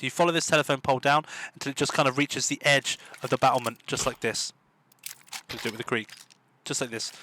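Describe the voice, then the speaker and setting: A man's voice: mid-range voice, sharp tone, slight background noise. A man giving an eager, repetitive gameplay tutorial commentary as a gaming tips host. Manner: eager, repetitive, often asks "do you know what I mean".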